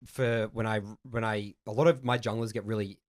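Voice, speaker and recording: A man co-hosting a gaming podcast, chatting in a relaxed way with plenty of fillers. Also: fairly low pitch, a little fast. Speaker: podcast co-host. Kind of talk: casual gaming podcast chat.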